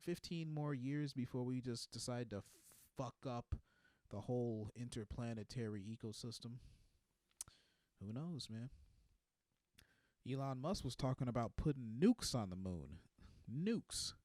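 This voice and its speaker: A man's voice: medium pitch, a little slow, dark tone, dry recording, studio quality. Laid-back young man rambling comedically. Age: 20s.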